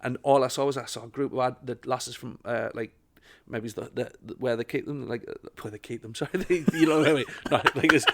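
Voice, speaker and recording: A man, a stand-up comedian telling animated, laughing anecdotes in casual chat. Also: medium pitch, fast, a little hiss or hum.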